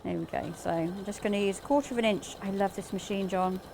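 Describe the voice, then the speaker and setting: A woman's voice: medium pitch, fast talker, creaky, over a noisy crowd. A woman demonstrating sewing live in a TV studio, explaining each step in a chatty way and laughing easily. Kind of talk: live shopping-TV sewing demo.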